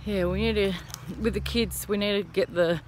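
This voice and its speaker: On an early morning walk outdoors, a woman in her thirties vlogs casually, chatting to the camera and encouraging her viewers. Her mid-range voice has a darkish tone and a steady delivery at a moderate pace, with a little hiss or hum in the recording.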